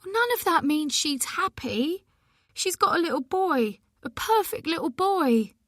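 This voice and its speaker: A woman voicing a gentle, grieving mother in her seventies who pleads softly and tearfully with her daughter. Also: very high-pitched, expressive, a little slow, no room sound, clean studio sound, pitched above the performer's own voice, heavily acted. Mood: pleading.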